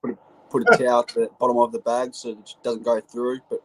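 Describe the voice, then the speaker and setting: A man's voice: mid-range voice, flat delivery, quick pace, fairly bright tone, low-quality recording. Crude man, faint background hiss. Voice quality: blunt, crude, chiming in. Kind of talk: casual banter.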